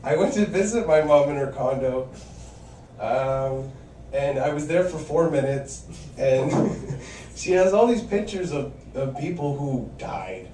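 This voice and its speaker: A man's voice: on the high side, lively intonation, unhurried, mellow, roomy sound, recorded from a distance, a little hiss or hum, low-quality recording. A man performing a stand-up comedy set, telling wry stories and acting out quoted voices.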